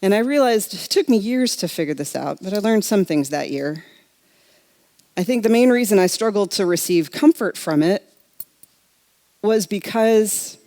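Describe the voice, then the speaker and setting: A woman's voice: on the low side, dark tone. A middle-aged woman minister preaching a sermon in a reflective, conversational way, speaking directly to her congregation. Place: church sanctuary.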